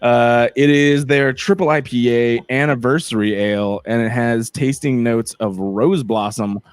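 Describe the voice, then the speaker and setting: A man's voice: mid-range voice, steady tone, measured pace, smooth, no echo. A man hosting a podcast in casual chat, joking and teasing with lots of filler words. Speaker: podcast host.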